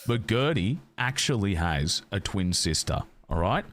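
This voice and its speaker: A man's voice: lowish voice, big pitch swings, unhurried, fairly bright tone. Man doing a blustering Aussie bloke. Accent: overdone Australian. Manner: says mate after every phrase, blustering storyteller. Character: bloke spinning a tall tale in a crime role-play.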